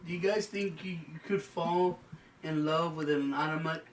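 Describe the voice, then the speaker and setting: A podcast host with a slightly high voice speaks at a moderate pace, telling a swear-laden story on his casual show and acting out what people said. He sounds far from the mic, in a roomy space with a faint hum underneath.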